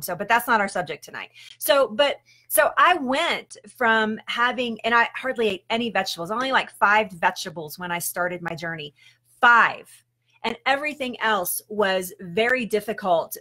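Bright, chatty woman health coach. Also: medium pitch. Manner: chatty storytelling, laughs often. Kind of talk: casual live-stream talk.

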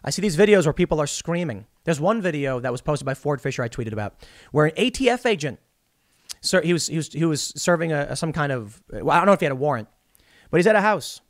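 A man's voice: a little high, very animated, quick pace, no echo, clean studio sound. A man in his thirties hosting solo political commentary, talking emphatically and rambling with frequent restarts.

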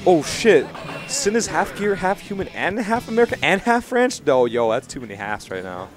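A young man doing live, joking, profane commentary on a fighting-game match at a tournament, yelling at big plays. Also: high voice, very animated, moderate pace. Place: gaming tournament venue. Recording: live stream with crowd noise and music.

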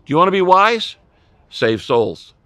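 A man preaching a sermon as pastor, impassioned, swinging between loud emphatic lines and hushed, low ones. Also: big pitch swings, unhurried, no echo.

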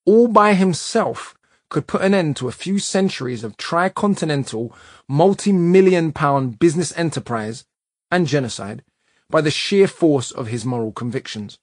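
A man reading a nonfiction audiobook in a measured, emphatic way. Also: a little high, expressive, no room sound, studio quality. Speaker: audiobook narrator.

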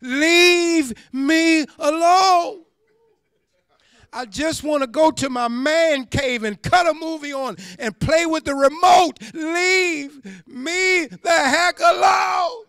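A man preaching while acting out a tired, irritable fisherman who complains and yells to be left alone. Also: very high-pitched, takes it slowly, creaky, pauses often, no room sound, studio quality, pitched above the performer's own voice, heavily acted. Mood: exasperated. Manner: whiny, exasperated complaining, rising to yells.

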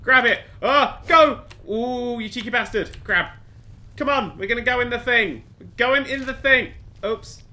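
A man's voice: very high voice, normal speed, pushed and bright. A man giving jumpy, self-talking commentary while playing a game, swearing often. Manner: jumpy, swearing, talks to himself. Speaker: gaming channel host. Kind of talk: let's play commentary.

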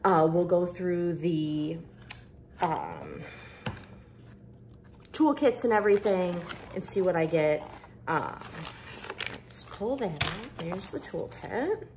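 A woman vlogging as she unboxes craft kits, gushing with bubbly excitement and lots of fillers. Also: fairly low pitch, slow, long pauses, background noise. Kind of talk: casual unboxing chat.

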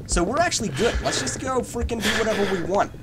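Jumpy, joking gamer guy with a lively voice. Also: sits high, quick pace. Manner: jokey, rambling, bursts into loud yelps when scared. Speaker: gamer playing a horror game. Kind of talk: let's play commentary. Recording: noisy home recording.

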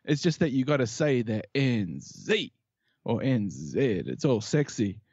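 A man's voice: mid-range voice, very animated, measured pace, a little mellow, breathy edge, no room sound, lo-fi sound. A man from New Zealand with a New Zealand accent, a podcast guest chatting playfully and riffing on jokes. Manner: playful, jokey, riffs and repeats himself. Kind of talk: casual podcast chat.

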